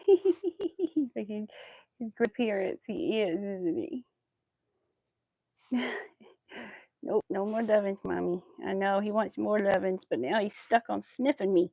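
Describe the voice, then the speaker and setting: A woman's voice: medium pitch, takes it slowly, vocal fry, long pauses, dark tone, dry recording, muffled recording. A woman crochet vlogger chatting casually to her viewers and her dog, cooing baby talk at the pet.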